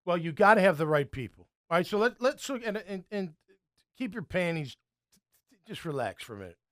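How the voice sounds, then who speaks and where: A man with a high-pitched voice talks football in a casual sports show. He is a former player who tells stories animatedly and acts out the yelling of coaches. At times he drops into a quiet mutter. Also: very animated, brisk. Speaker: former NFL player turned sports talk host.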